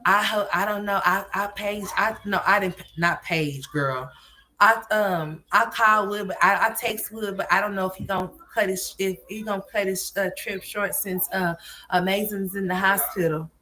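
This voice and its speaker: A woman's voice: medium pitch, fairly even intonation, normal speed, sharp tone. A woman hosting a livestream commentary show, ranting in a sassy, scolding way and calling people girl. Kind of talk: casual commentary rant.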